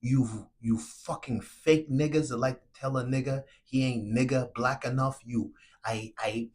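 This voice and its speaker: Man, mid-pitched, ranting solo to camera: furious and profane, shouting, then dropping low and quiet. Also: fairly even intonation, measured pace. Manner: angry, profane, repetitive and confrontational; swings between shouting and quiet, remorseful murmuring. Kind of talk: impassioned solo rant to camera.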